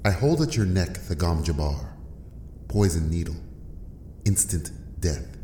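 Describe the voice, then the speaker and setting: Man playing a stern old woman examiner, very deep voice, lively pitch swings, roomy echo. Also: unhurried, a little hiss or hum. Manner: commanding, exasperated.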